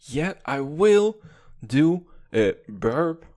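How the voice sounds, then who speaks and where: A man's voice: on the high side, very slow. Male podcaster, sweary comic rant, voice swings up and down a lot. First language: Russian. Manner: profane, animated ranting with constant "dude". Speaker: podcast host.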